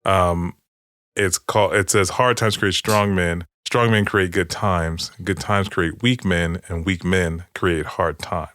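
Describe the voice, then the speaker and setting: Rambling, low-voiced male podcast co-host. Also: fairly even intonation, slow pace, a bit bright, a little hiss or hum. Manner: rambling, with many restarts and profanity. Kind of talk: casual chat.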